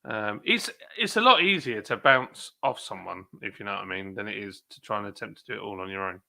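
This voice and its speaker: A man hosts a relaxed live chat, talking loosely and joking at his own expense while he greets viewers. His voice has a gravelly edge with a bright, forward tone. He rambles through his points with plenty of ums and half-finished sentences. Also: lowish voice, a little fast. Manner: chatty, self-deprecating, rambling with many fillers. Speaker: brewery livestream host. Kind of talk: casual live chat reading comments.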